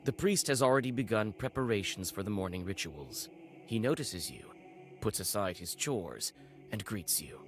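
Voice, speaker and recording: A man narrating a video game story in second person, measured and descriptive. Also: lowish voice, expressive, soft background music. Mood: neutral. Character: adult male storybook narrator.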